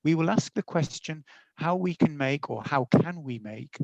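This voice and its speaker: Gravelly-voiced man giving a webinar talk. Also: fairly high pitch, expressive, normal speed, darkish tone, no echo, rough recording. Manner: friendly, explanatory, with fillers and self-corrections. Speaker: teacher educator giving a webinar. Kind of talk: webinar presentation.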